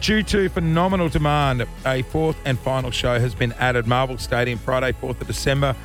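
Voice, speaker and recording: A hoarse Australian man hosting breakfast radio, joking and self-mocking, his voice going. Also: medium pitch, steady tone, moderate pace, soft background music. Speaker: radio host.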